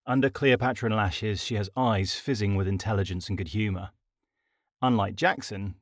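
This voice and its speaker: A man narrating his own comic audiobook in a wry, deadpan style. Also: fairly low pitch, no echo, studio quality. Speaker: author and narrator. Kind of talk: scripted comedic audiobook narration.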